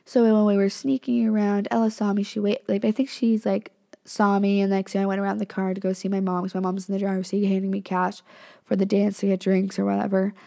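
A woman's voice: medium pitch, level tone, brisk, gravelly, dark tone. A young woman hosting a podcast, telling a story in a rambling, casual way and swearing freely. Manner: rambling, profane, says "like" and "literally" a lot. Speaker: podcast host.

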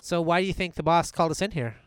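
Fast, high-voiced man in improv comedy. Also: heavy background noise. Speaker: comedy show host.

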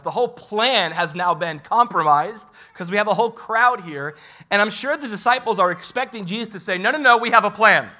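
A young man preaching a sermon as a pastor, lively and joking, talking straight to the congregation. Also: fairly high pitch.

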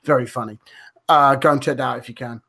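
A man's voice: mid-range voice, fairly even intonation, fast, creaky, sharp tone. A man in casual podcast chat, emphatic and fond of repeating words. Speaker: podcast co-host.

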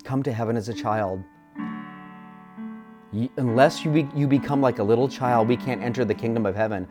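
A man delivers a heartfelt sermon at a middle pitch, moving from quiet, reflective asides to impassioned, near-shouted declarations. A gentle guitar plays faintly behind him. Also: a little fast. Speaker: pastor.

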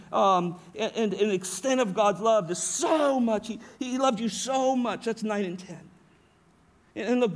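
Preaching earnestly from the pulpit, this middle-aged pastor has a high voice. His sermon works through scripture with steady conviction, though he often breaks off to fix a phrase and restart it.

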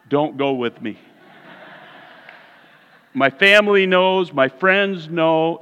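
A man preaching a lively, humorous sermon in a church sanctuary, his voice swooping up and down as he tells a story. The sound is dull and muffled, with long reverb from a large hall. He keeps turning to the congregation with questions. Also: high-pitched. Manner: playful, animated, talks to the congregation.

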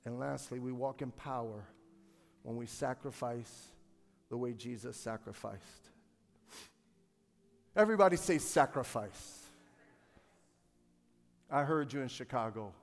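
A pastor preaching a sermon to his congregation, calling for responses and swinging from quiet storytelling to loud, shouted peaks. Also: mid-range voice, moderate pace, vocal fry, long pauses, in a large hall. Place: church sanctuary.

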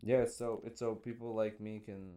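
A young man hosting a loose podcast conversation, his voice sitting a little low. He talks in halting bursts, circling back with fillers and restarts, and jokes at his own expense. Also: flat delivery, mellow. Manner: halting, self-deprecating, many restarts and fillers. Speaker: podcast host. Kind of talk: casual chat.

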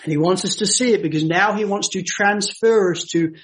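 A man preaching a sermon, moving from hushed storytelling to emphatic, raised scripture quotations. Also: sits high, fairly quick. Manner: dramatic, swings from hushed to emphatic when quoting scripture.

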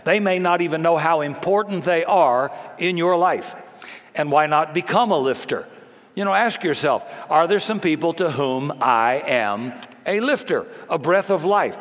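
A man's voice: a little high, animated, unhurried. A male pastor delivering a sermon, telling stories with humor and emphasis. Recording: long reverb of a large hall.

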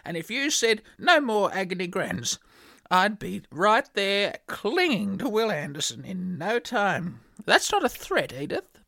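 A woman's voice: medium pitch, big pitch swings, a little slow, fairly bright tone, dry recording, clean studio sound, heavily acted. A woman voicing a vain, touchy old granny on a comedy podcast, talking in a self-important, mock-dramatic way. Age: older. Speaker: podcast co-host.

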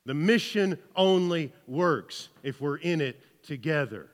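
Southern pastor preaching in a reverberant hall. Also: male voice, fairly high pitch, lively intonation, a little slow, hardly any pauses. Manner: conversational, keeps asking "right?", jokes with the congregation. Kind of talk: sermon. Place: church hall with about seventy people.

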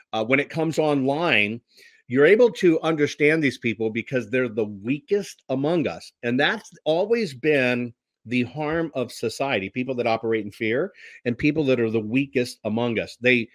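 A man's voice: medium pitch, no echo, studio quality. A man hosting a show, talking loosely about history with many fillers and restarts. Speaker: host. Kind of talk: casual spoken history talk.

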